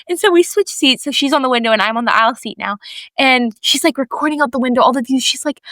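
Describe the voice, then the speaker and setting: Lively young woman telling a story. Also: high-pitched, quick pace, no echo. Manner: animated storyteller, acts out quoted voices, lots of "like". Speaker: podcast co-host. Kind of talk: casual faith podcast chat.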